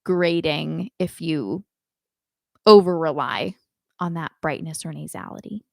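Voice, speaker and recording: Woman voice coach on a live stream, talks slow and careful, lots of ums, dry close mic. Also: sits low, creaky, darkish tone, no echo. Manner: unhurried, thoughtful, many ums and restarts. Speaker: singing teacher. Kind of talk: live online lesson answering chat questions.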